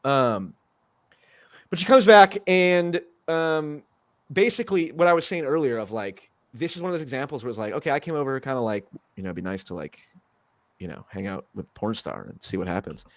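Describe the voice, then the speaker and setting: A man's voice: mid-range voice, lively intonation, fairly quick, dry recording. A young man in his twenties hosting a casual podcast, rambling through a story with many fillers and restarts. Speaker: podcast host.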